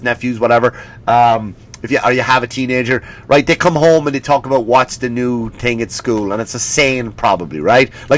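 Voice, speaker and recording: A man in his forties hosting a comedy podcast, ranting with swearing and mocking impressions, a bit sniffly. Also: medium pitch. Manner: animated, profane, mocking impressions. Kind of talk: comedic rant.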